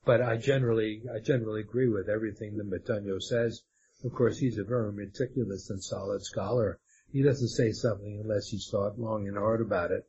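A man speaking as an interview guest, hesitant and restarting his sentences, filling the gaps with "uh". His voice is dark and mellow. The recording is dull and lo-fi, with faint noise behind. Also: fairly low pitch, steady tone, fairly quick. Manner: hesitant, stumbling with many fillers and restarts. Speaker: guest author. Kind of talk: conversational interview.

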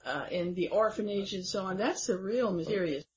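A woman's voice: mid-range voice, normal speed, a little mellow. A woman interviewing a guest, chatty and thinking aloud, with fillers between her thoughts. Her voice sits in a middle range for a woman. The recording sounds a little dull and lo-fi. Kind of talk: conversational interview.

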